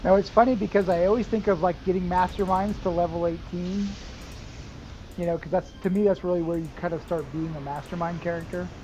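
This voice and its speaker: A man's voice: high-pitched, steady tone, a little fast, dark tone, a little hiss or hum, low-quality recording. A man from Nevada chatting casually with friends about a video game, rambling with lots of "like" and "you know". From Nevada, USA. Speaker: fellow player on stream. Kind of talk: casual gaming chat.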